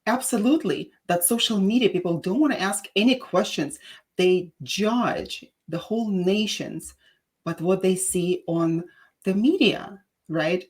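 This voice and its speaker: A woman from Russia with a Russian accent, chatting as a guest and telling stories in an emphatic, animated way. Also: mid-range voice, a little slow. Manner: animated storyteller, emphatic, with filler restarts. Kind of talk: casual chat.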